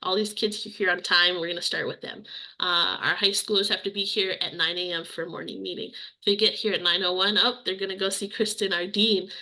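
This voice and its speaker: A young woman walks an online audience through her program's principles. Her voice is bright and forward, and she talks earnestly and personally, often circling back to the same phrases for emphasis. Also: mid-range voice, fairly even intonation, normal speed, rough recording. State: briefly emotional. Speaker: program presenter. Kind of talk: webinar presentation.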